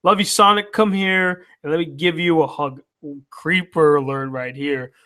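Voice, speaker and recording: A man's voice: fairly high pitch, fairly even intonation, moderate pace, bright, forceful tone. A tired, yawning man hosting a live chat, reading viewer comments and bantering back with loose, profane teasing. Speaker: YouTube channel host.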